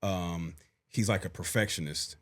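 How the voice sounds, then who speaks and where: A man's voice: sits low, a little slow, fairly bright tone. A man, reflecting on fatherhood in a casual podcast chat. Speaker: podcast co-host.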